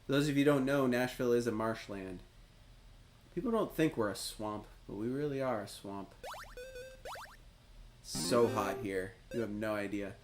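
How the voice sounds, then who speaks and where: A man's voice: on the low side, normal speed, long pauses, faint music behind. A man hosting a live stream, cheering and chatting to viewers as he plays a retro quiz game. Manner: excitable, cheers and chats to viewers. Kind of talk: live gameplay commentary.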